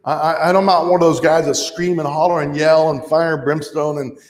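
A man's voice: fairly high pitch, steady tone, fairly quick. A man preaching a sermon in a church, teaching in a plain, conversational way with wry asides. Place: church sanctuary. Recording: echoey church hall.

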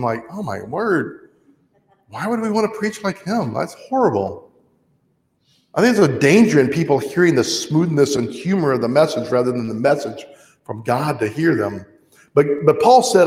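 A man's voice: mid-range voice, normal speed, darkish tone. A man preaching a sermon in a church, teaching in a plain, conversational way with wry asides. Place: church sanctuary. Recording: echoey church hall.

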